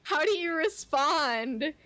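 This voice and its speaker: Chatty young woman, unhurried and highish. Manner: chatty, animated, lots of "like", casual swearing. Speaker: VTuber streamer. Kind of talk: casual storytelling chat while gaming. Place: home, at her computer.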